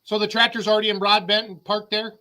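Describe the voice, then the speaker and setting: A man hosting a livestream show in casual chat, excitable and chatty, laughing often. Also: high-pitched, quick pace.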